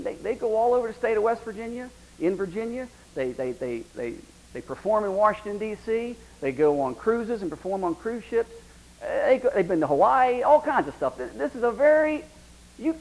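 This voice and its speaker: Emphatic middle-aged preacher. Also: male voice, high-pitched, big pitch swings, fairly quick, poor audio. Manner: emphatic, conversational preaching with frequent restarts. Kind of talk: sermon.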